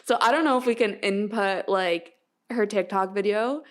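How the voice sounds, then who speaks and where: Fast-talking woman podcast host. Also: medium pitch. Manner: quick, chatty, laughs between phrases. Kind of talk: casual chat.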